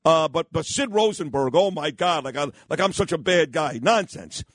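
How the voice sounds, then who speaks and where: A man hosts a radio show, his pitch sitting a little high and swinging widely as he tells a story. He talks in a blunt, rambling way, and the studio sound is close and dry. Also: animated, normal speed, dry recording. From New York. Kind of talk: storytelling and opinionated chat.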